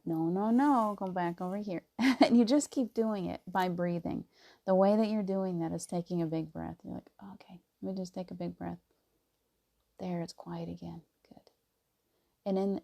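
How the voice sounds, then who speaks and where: Woman, spiritual talk, soft-spoken, low voice, warm mellow tone, laughs often. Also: vocal fry. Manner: soft and gentle, drops to near whispers. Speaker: spiritual teacher.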